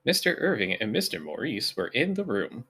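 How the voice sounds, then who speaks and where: A woman's voice: a bass voice, sing-song, fairly quick, pushed and bright, husky. A young woman streaming a game, chatting in a dry, self-mocking way and laughing often. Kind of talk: casual chat while playing a game.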